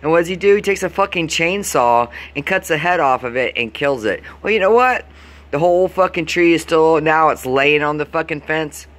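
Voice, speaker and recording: Swearing constantly, a Florida vlogger vents to the camera in a fed-up, heated rant full of profane, exasperated complaints. His voice has a medium pitch and a slightly bright quality.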